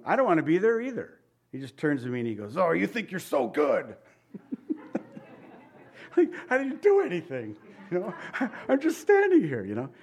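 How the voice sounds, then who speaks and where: A man preaching a sermon, his voice sitting a touch higher than most men's. He swings between reading scripture aloud and animated, chuckling asides to the congregation. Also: normal speed, pauses often. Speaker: pastor.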